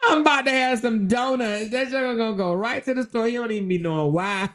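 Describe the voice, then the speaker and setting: A woman's voice: fairly high pitch, a little fast. A woman hosting a casual livestream, chatting with viewers and acting out both sides of her stories while laughing often. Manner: animated storyteller, acts out both sides of arguments; laughs often, calls listeners "child". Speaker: host of a live commentary show. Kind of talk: casual livestream chat reading viewer comments.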